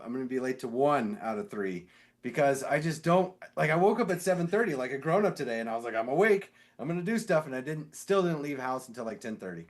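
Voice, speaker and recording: A man casually telling a story on a podcast, animated and swearing, acting out the voices of the people in it. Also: mid-range voice. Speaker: podcast co-host; sewer inspector.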